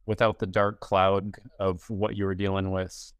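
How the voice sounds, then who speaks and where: A man's voice: low-pitched, flat delivery, unhurried, smooth, no echo. A man hosting a podcast, asking long, winding questions of his guest. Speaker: podcast host. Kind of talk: supportive interview questions.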